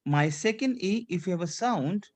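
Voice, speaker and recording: A man's voice: sits high, animated, moderate pace, darkish tone. A male French teacher running a class, repeating points and having students repeat after him, slipping French check-ins into his English. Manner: repetitive drilling, asks students to repeat; drops French checks like "c'est clair" into English. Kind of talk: language class instruction.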